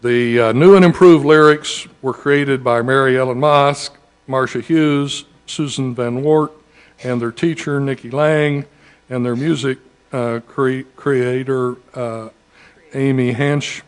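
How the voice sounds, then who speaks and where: Man district administrator, formal address, halting delivery with filler pauses, mid-range voice. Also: medium pitch, steady tone, clear, resonant tone. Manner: measured, with frequent "uh" pauses. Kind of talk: formal public speech. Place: school event audience setting.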